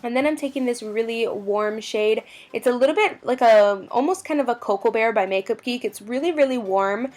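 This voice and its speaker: A woman's voice: on the high side, normal speed, hardly any pauses, darkish tone, faint music behind. A young woman narrating a makeup tutorial, gushing about products in a bubbly, chatty way. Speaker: beauty vlogger.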